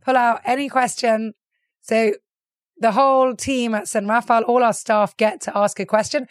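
A woman's voice: a little high, steady tone, normal speed, no echo, studio quality. Woman host prompting her guest. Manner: friendly, encouraging, prompting the guest. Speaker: podcast host. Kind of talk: casual interview chat.

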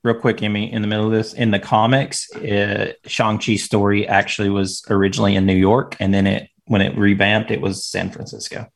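A man's voice: lowish voice, level tone, a little fast, vocal fry, hardly any pauses. A man co-hosting a podcast, chatting casually about a movie and tossing in wry, teasing quips. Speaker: podcast co-host. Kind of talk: casual movie review chat.

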